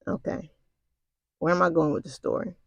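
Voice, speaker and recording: Middle-aged woman, casual storyteller: raspy low edge, colloquial and confiding, dry close recording. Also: fairly even intonation, moderate pace, dry recording, highs cut off. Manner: conversational and colloquial, with frequent asides to the listener. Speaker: storyteller recounting military basic training.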